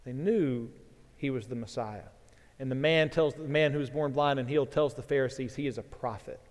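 A man's voice: medium pitch, brisk. A man preaching a sermon as pastor, earnest and building in force as he reads scripture aloud. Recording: long reverb from a large hall.

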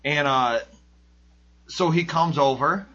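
Husky, bright-voiced man telling a rambling story. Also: on the high side, takes it slowly, muffled recording. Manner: rambling storyteller, acts out his own quotes with lots of "like". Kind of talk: casual podcast chat.

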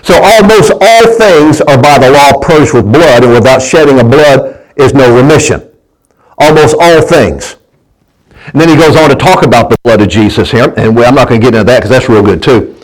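A man's voice: medium pitch, moderate pace, rough recording. A man preaching a sermon, in a folksy manner that keeps asking the congregation to answer back and often stumbles and restarts his words. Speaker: pastor.

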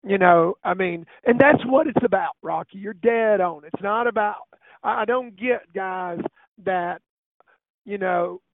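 A man hosting a casual hunting talk show, telling a hunting story in an animated way. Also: high-pitched, a little slow, no room sound. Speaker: radio show host. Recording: phone-line, dry and tinny.

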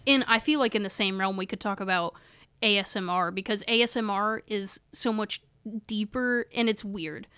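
A woman's voice: mid-range voice, normal speed, pushed and bright, clean tone, dry recording. A woman co-hosting a casual podcast, chatting and reading from notes, rambling and stumbling over hard words while she laughs along. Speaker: podcast co-host.

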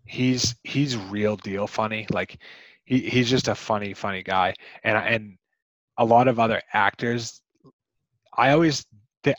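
A man's voice: fairly low pitch, no echo, lo-fi sound. A man co-hosting a podcast, talking through a movie in a casual, rambling way with plenty of fillers. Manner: rambling, chatty with many fillers. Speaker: podcast co-host.

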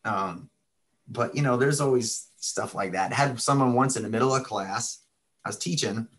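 A man's voice: medium pitch, moderate pace, a bit bright. A middle-aged man who owns a martial arts school, casually telling stories in an interview, laid-back and chatty. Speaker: martial arts school owner, podcast guest.

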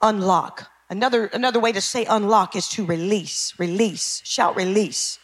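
A woman pastor preaching a fervent sermon, often shouting and calling out to her congregation. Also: medium pitch, moderate pace. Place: church sanctuary.

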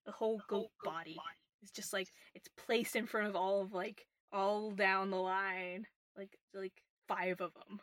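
A woman narrating a tabletop game as game master, relaxed and full of fillers. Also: mid-range voice, measured pace. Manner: relaxed, filler-heavy, giggly.

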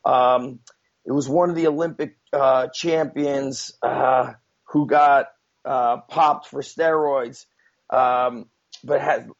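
A man's voice: medium pitch, fairly even intonation, slow, creaky. A man telling a story as a guest in a casual, rambling way, with many fillers and frequent swearing, on a dull lo-fi recording. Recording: dull lo-fi sound.

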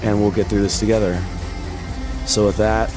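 A man hosting a podcast who gives a halting, choked-up farewell to his listeners, swearing often. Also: fairly low pitch, little pitch movement. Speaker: podcast host. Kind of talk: emotional farewell message to listeners. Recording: music playing clearly underneath.

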